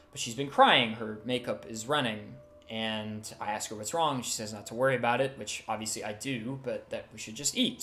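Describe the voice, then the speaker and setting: A man doing a heartbroken man, halting. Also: mid-range voice, pushed and bright, natural voice. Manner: halting, emotional storytelling. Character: heartbroken man recounting lost love. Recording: roomy echo, faint music.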